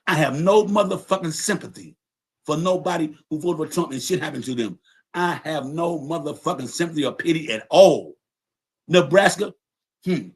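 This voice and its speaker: Fired-up man ranting on a livestream. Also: on the high side. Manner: angry, profane, repetitive, confrontational. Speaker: podcast host. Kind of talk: heated livestream rant. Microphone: livestream setup.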